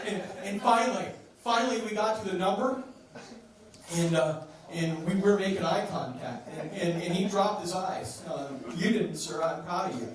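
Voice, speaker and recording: A man performing a stand-up routine on a club stage, with a stammering, deadpan delivery full of restarts, and audience laughter behind him. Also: extremely high pitch, normal speed. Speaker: stand-up comedian. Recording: echoey room mic from far off with crowd laughter.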